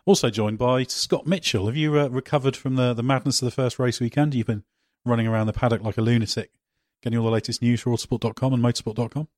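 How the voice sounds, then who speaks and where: A man's voice: medium pitch, fairly even intonation, quick pace, darkish tone, no room sound. Dry-voiced male podcast host. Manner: jokey, teasing, frequent restarts. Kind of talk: casual motorsport podcast chat.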